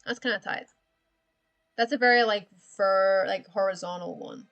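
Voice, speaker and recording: A woman's voice: mid-range voice, moderate pace, fairly bright tone, lo-fi sound, faint music behind. A woman chatting casually on a livestream while she draws, rambling, thinking aloud and often giggling. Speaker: streamer.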